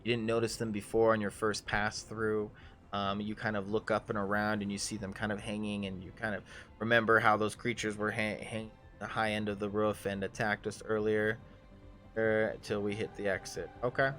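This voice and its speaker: A man narrating a live tabletop game as game master, halting often with ums and restarts. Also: fairly low pitch, level tone, a bit bright, faint music behind.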